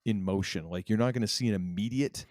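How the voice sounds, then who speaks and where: A man co-hosting a podcast, chatting casually in a rambling, animated way. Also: lowish voice. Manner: rambling, animated, quick laughs. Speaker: podcast co-host. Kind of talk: casual chat.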